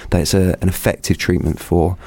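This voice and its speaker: A man's voice: low-pitched, flat delivery, brisk, dark tone, dry recording. A man appearing as a guest clinician, explaining things thoughtfully in conversation, with restarts and "kind of" fillers.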